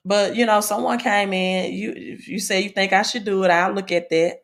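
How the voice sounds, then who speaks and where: A woman's voice: medium pitch, fairly even intonation, moderate pace, few pauses. A woman with a Southern accent hosts a casual money livestream. She rambles in a chatty way and keeps checking in with "right?". When she reads the news aloud, she stumbles over the words. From Mississippi, American South. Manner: chatty, repeats herself, tags sentences with "right?". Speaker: livestream host on crypto and money.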